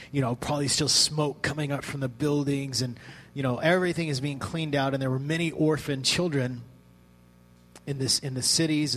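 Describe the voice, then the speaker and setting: A man preaching a sermon in a conversational way, telling a story with hushed asides. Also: mid-range voice, poor audio.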